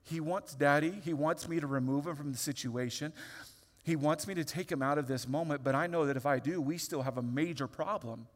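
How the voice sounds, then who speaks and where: A man in his thirties preaching a sermon, telling a personal story in a lively, open way with many restarts. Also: a little high, fairly quick. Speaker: pastor. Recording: long hall reverb.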